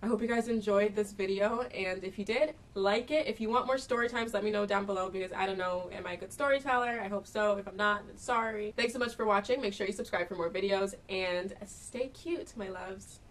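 A woman's voice: mid-range voice, brisk, few pauses, distant mic. Chatty young woman telling a story. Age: young adult. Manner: chatty, animated retelling with quoted dialogue. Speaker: vlogger. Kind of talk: casual storytime vlog.

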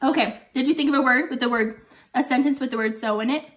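A woman's voice: sits high, fast, natural voice. A woman voicing a forgetful old lady who teaches young children, chatting while chewing candy. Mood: chatty. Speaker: guest teacher for a kindergarten class. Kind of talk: playful video lesson for young children.

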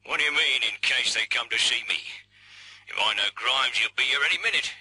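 Irritated bloke, pressing, very bright tone, dry close sound. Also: male voice, medium pitch, a little fast, slightly rough, no room sound, poor audio. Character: exasperated working man Tommy on the phone. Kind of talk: scripted textbook dialogue.

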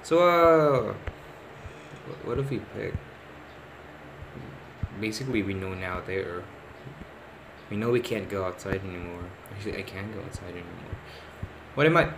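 A man talking to himself as he plays a horror game, excitable, repeating words and calling out what he finds. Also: on the low side, measured pace, gravelly, pauses often, noisy background. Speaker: gamer. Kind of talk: let's play commentary.

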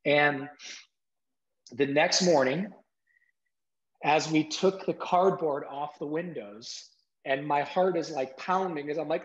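Animated middle-aged man telling a story. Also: on the high side, slow pace, pauses often. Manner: animated, acts out quotes, many "like" fillers. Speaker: interview guest. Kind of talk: emotional storytelling in an interview. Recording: dull lo-fi sound.

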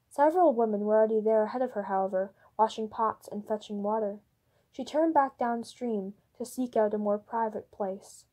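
Female audiobook narrator, steady and even, slightly high voice. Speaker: audiobook reader. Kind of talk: storybook narration.

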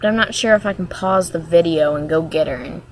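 A woman's voice: on the low side, brisk, slight background noise. Hyper, rambling young woman vlogger. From Maryland, USA. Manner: hyper, rambling, jumps between topics. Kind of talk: casual vlog chat.

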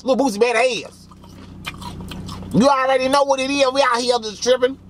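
A man's voice: very high voice, fairly even intonation, moderate pace, a little hiss or hum, voice pushed up. A man doing a swaggering rapper impression. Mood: hyped. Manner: boastful, slangy hype talk.

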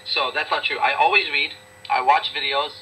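A man's voice: fairly high pitch, fairly even intonation, moderate pace, pushed and bright, a little hiss or hum, rough recording. A man answering interview questions in a blunt, emphatic, profane way, often repeating himself for emphasis. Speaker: interview guest, business owner. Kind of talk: casual interview talk.

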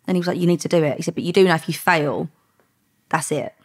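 A middle-aged woman, a former undercover police officer, telling lively stories in a podcast interview and acting out the dialogue. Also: low-pitched, fast, breathy edge. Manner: lively anecdotes with quoted dialogue, frequent laughs.

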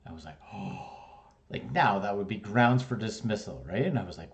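A man's voice: fairly low pitch, animated, normal speed, vocal fry. A middle-aged man from Canada teaching electrical wiring in a casual, conversational way, checking in with "right?" and "okay?" as he explains each step. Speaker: electrical instructor. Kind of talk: casual classroom lesson.

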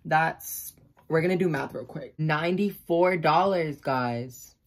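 A young adult vlogger chatting through an unboxing, excitable and gushing, swearing freely and breaking into delighted squeals. The voice sits at a middling pitch. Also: takes it slowly. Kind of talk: casual unboxing vlog.

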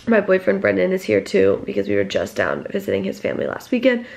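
A young college-aged woman talks casually to her camera, her speech full of "like" fillers. Her pitch swoops up and down, with a gravelly fry at the ends of phrases. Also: wildly swooping pitch, quick pace, a little mellow. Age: young adult. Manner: chatty, lots of "like" fillers. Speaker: vlogger. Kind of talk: casual vlog chat. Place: at home and out on errands.

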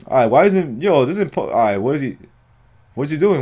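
A man hosting a live reaction video, giving excitable, slangy commentary full of exclamations and swearing. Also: mid-range voice, fairly quick.

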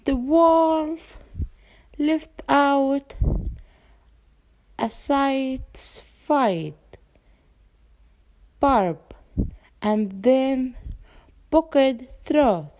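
A young woman student reading a children's story aloud, halting and restarting words often. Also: high voice, lively intonation, a little mellow. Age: young adult.

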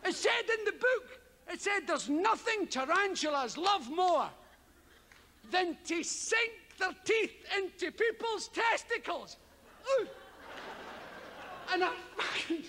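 A Scottish man performing stand-up comedy in a boisterous manner, swearing, shouting his punchlines and acting out voices. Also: very high voice, expressive, measured pace, long reverb tail, a little hiss or hum. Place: live comedy stage.

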